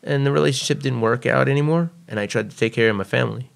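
A man's voice: mid-range voice, fast, creaky. A man guest on a podcast, telling a personal story casually and bluntly, swearing freely. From United States.

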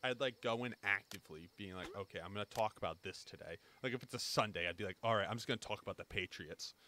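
A man's voice: fairly low pitch, quick pace, sharp tone, a little hiss or hum. A man in his twenties chatting casually over gameplay, rambling through jokey anecdotes. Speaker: gaming YouTuber. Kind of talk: casual gameplay commentary and storytelling.

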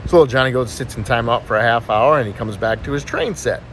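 A man casually telling a string of jokes in a relaxed storytelling way. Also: medium pitch, quick pace, background noise. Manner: relaxed storytelling, lively delivery. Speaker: joke-telling video creator.

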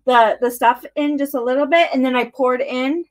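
A woman's voice: high voice, moderate pace. A woman co-hosting a live stream, chatting casually and bubbly while mixing a cocktail. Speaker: co-host making cocktails.

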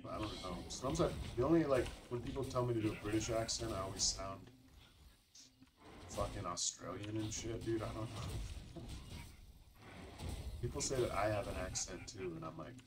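Long pauses break up the lowish, normal-speed speech of a Colorado man commenting casually over his own gameplay as a channel host. He calls people "dude" and "bro," and the background is noisy.

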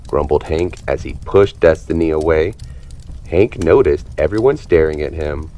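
Deep-voiced man reading a kids' storybook. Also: moderate pace. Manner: expressive, animated storytelling. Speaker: storybook reader. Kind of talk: reading a children's picture book aloud.

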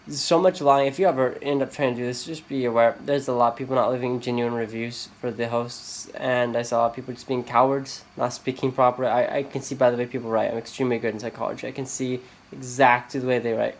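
A man's voice: mid-range voice, level tone, brisk, creaky, poor audio. A man talking casually into his phone for a vlog, rambling and complaining, with many fillers. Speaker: vlogger. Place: rented house and nearby streets. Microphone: phone held by the speaker.

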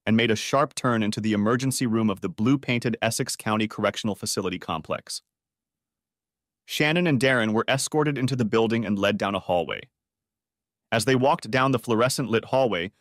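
A man narrates a story audiobook in an even, measured scripted reading. His voice is mid-range, and the clean studio sound has no room sound.

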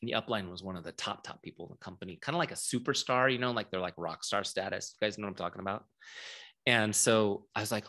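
A man's voice: lowish voice, fast talker, bright, forceful tone. A middle-aged man giving a casual, chatty training talk, often asking the group questions. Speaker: software founder and trainer.

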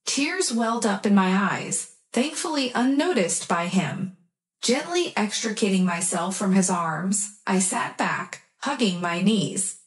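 A woman reading a romance story aloud in a soft, even storytelling manner, as scripted narration for English learners. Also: medium pitch, measured pace.

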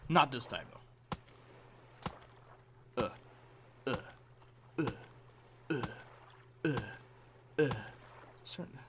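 A man's voice: mid-range voice, lively intonation, drawn-out words, pauses often, noisy background. A middle-aged man giving casual gameplay commentary, muttering to himself with lots of fillers and breaking into silly singing now and then. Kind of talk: casual let's-play commentary.

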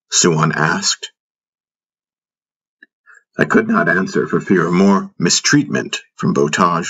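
A man narrating a fantasy audiobook in the first person, in a measured storytelling manner. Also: low-pitched, fairly bright tone, breathy edge, dull audio.

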